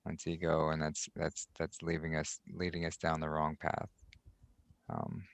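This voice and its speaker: A man hosting a podcast, speaking softly and haltingly with many restarts. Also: a bass voice, completely flat delivery, vocal fry. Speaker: podcast host. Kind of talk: reflective podcast talk.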